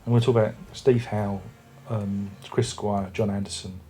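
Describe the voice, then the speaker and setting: A man's voice: fairly low pitch, little pitch movement, moderate pace, mellow. A man reviewing an album at home, chatting casually with lots of restarts. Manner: rambling, chatty, many restarts. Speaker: music review vlogger. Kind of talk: casual chat. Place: home room with record player and speakers.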